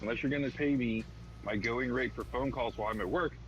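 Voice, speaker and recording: A man's voice: mid-range voice, a little fast, highs cut off. Blunt man on a distant, noisy line. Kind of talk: casual chat.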